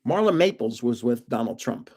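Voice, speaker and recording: A man's voice: medium pitch, animated, normal speed, darkish tone, slightly rough. An older man hosting a live stream, telling rambling stories in a chatty way and laughing often. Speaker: host of a live card-opening stream.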